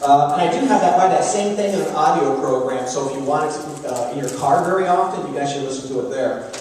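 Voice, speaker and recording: A man giving a lively, joking business talk at a luncheon, speaking direct advice to the audience. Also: fairly high pitch, quick pace, background noise. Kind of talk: live seminar talk. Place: luncheon hall. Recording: echoey hall from far off.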